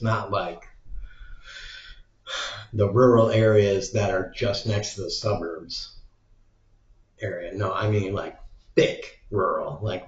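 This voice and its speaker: A man talking in a casual, rambling monologue as a vlogger, packing his talk with "like". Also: fairly low pitch. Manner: rambling, heavy use of "like" filler. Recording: echoey room, dull lo-fi sound.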